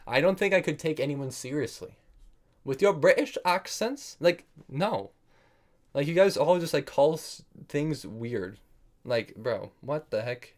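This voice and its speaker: A man's voice: mid-range voice, animated, unhurried, a little mellow. Self-critical male chess streamer thinking aloud. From United States. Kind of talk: casual live-stream commentary while playing.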